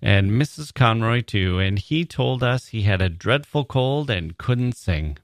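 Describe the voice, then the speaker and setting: A man's voice: mid-range voice, expressive, a little slow, dry recording, studio quality, pitched above the performer's own voice. A man doing a chatty woman party guest. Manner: chatty and complaining.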